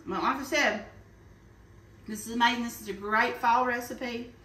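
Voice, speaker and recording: A chatty woman with a drawl talks her viewers through a home-cooked cake in a folksy way. Her voice is bright and fairly high, a bit off the mic. The kitchen sounds echoey. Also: steady tone, moderate pace, recorded from a distance. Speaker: cooking channel host. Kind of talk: casual cooking vlog chat.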